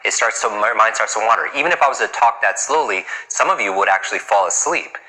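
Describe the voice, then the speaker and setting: Brisk low-voiced New man. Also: pushed and bright, low-quality recording. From New York. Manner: brisk, punchy, full of rhetorical questions. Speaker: speed-reading coach. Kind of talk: motivational talk to a live audience.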